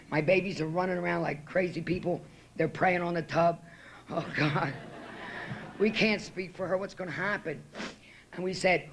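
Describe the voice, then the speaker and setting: A woman gives a personal recovery talk from a podium in a meeting room, raw and profane, pouring emotion into it. She has a fairly low voice and a moderate pace, and a slight hiss or hum can be heard.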